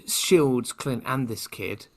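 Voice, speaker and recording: British male co-host, mid-pitched, rambling and wry in casual chat. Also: takes it slowly. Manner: chatty, rambling, playfully sarcastic. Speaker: podcast co-host.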